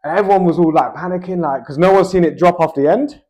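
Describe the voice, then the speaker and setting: A young Australian man tells a story in relaxed, rambling conversation, leaning on fillers like "like" and "bro". His voice sits a little higher than most men's. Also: fast talker. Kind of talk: casual chat, telling a story.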